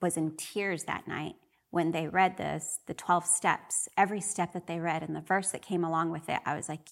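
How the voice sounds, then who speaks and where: A woman's voice: lowish voice, steady tone, normal speed, gravelly. A middle-aged woman sharing her personal faith testimony in an earnest, emotional way. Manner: earnest and emotional, often re-voicing her own prayers.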